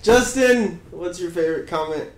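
A fairly high-voiced man wraps up a vlog in a playful, teasing way. His voice bounces around an echoey room. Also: lively intonation, moderate pace. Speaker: vlog co-host. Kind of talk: casual vlog outro.

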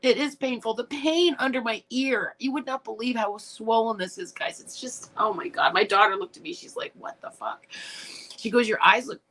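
A woman's voice: fairly high pitch, a little fast, hardly any pauses, bright, forceful tone. A middle-aged woman hosting a casual live stream, rambling, tearful and upset, with profane rants. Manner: rambling, emotional, profane ranting. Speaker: livestream host reading chat.

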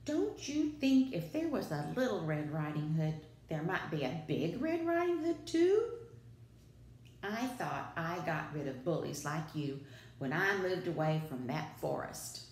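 A woman reading aloud, voicing a tough, no-nonsense old grandmother who booms and scolds, in an echoey room. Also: moderate pace, few pauses, lightly acted. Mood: scolding. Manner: booming and scolding. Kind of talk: storybook read-aloud.

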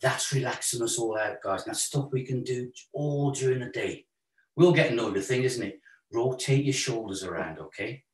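A man leading a relaxed yoga and stretching session, calm and encouraging, counting breaths. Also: medium pitch, normal speed. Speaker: yoga instructor. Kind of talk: guided stretching class. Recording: roomy echo, voice a bit far from mic.

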